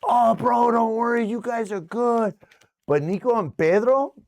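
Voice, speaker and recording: A man voicing a loud, overly friendly street gangster in a raised, boisterous voice during an anecdote. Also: measured pace, creaky, exaggerated voice. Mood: reassuring. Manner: shouting, boisterous, high-pitched.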